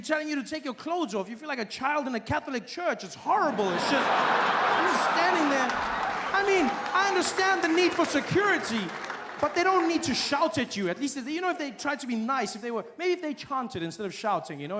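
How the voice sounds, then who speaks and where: Animated male stand-up comedian, high voice. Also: a little fast, a crowd in the background, background noise. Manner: animated, mocking, acts out characters. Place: stage before a live audience.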